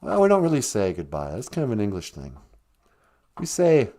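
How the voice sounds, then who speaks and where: A man's voice: on the low side, normal speed. A man hosting a comic live-stream language lesson, joking and laughing easily as he explains words. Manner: joking, laughs often, relaxed teaching.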